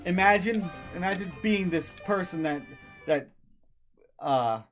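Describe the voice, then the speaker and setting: A man's voice: high-pitched, a little slow, soft background music. A male streamer ranting angrily and profanely, stumbling over his words and restarting. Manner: heated, profane, stammering restarts. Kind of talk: angry ranting commentary.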